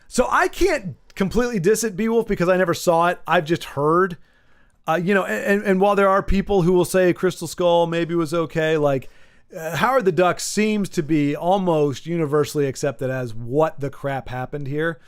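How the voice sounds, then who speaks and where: A man with a slightly higher-than-usual voice talks casually to his stream viewers. He rambles, often restarts mid-sentence and stumbles over repeated words. His asides have a dry, sarcastic edge. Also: clean tone. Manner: wry and sarcastic.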